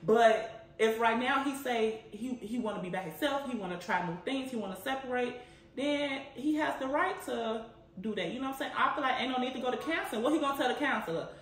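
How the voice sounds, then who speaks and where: A woman's voice: a little high, lively intonation, brisk. A young woman chatting casually to camera, laughing often as she answers viewer questions. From Chicago. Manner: chatty, laughs often, says "you know what I'm saying". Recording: echoey room.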